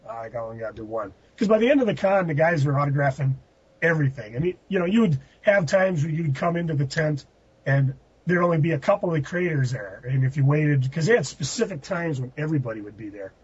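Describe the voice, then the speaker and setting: Man, husky voice, rambling podcast anecdotes, dry muffled recording. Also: on the high side, animated, fast. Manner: rambling anecdotes with laughing outbursts. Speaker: podcast host. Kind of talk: casual storytelling.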